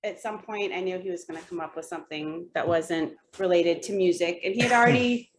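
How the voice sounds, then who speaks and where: A woman chatting on a video call as a guest's partner, chatty and supportive, with quick interjections. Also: lowish voice, poor audio. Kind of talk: casual video-call chat.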